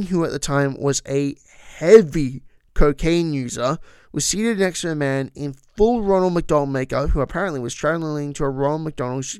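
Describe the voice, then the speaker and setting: A man's voice: a little high, clear, resonant tone, dry recording, studio quality. A man hosting a podcast, talking casually and with opinions about trivia, with frequent asides. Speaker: podcast host.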